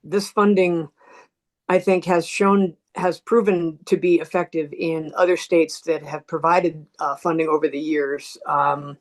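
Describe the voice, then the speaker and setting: A witness gives earnest public testimony, pausing often with um and uh. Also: mid-range voice, steady tone. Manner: earnest, many um and uh fillers.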